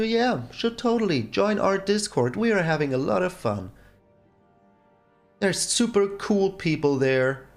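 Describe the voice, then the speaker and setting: A man hosting his own gaming channel, giving casual gameplay commentary and exclaiming in exasperation at his bad luck. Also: high-pitched.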